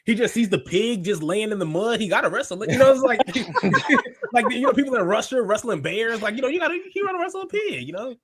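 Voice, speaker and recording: A man's voice: extremely high pitch, animated, brisk, a loud crowd. A man co-hosting a casual podcast, riffing playfully and laughing often. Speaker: podcast co-host. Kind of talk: casual watch-party chat.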